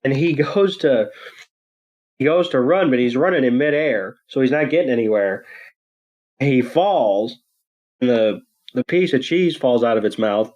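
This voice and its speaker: Slow, laid-back man recapping with crude jokes. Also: mid-range voice, lively intonation, darkish tone, lo-fi sound. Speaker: podcast co-host. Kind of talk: casual episode recap.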